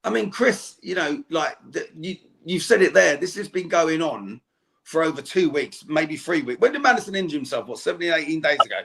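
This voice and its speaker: A man's voice: on the high side, animated, a little fast, creaky, a bit bright. A man speaking as a fan guest on a podcast, ranting angrily and swearing in heated chat. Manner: angry, swearing rant. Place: home.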